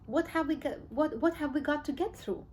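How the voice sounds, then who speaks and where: A woman voicing an excitable old grandfather who shouts in an audiobook reading. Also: sits high, brisk, pitched above the performer's own voice, close to an everyday voice. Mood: thrilled, shouting. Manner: shouting, frantic.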